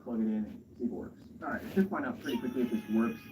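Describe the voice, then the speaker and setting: A man's voice: mid-range voice, rapid-fire, mellow. A man walking through a console repair in a casual, step-by-step way, muttering to himself as he works. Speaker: repair streamer. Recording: dull lo-fi stream audio.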